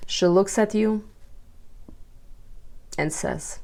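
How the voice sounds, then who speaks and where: Woman, relationship coach, direct-to-camera advice, expressive, emphatic, fairly low voice. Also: measured pace.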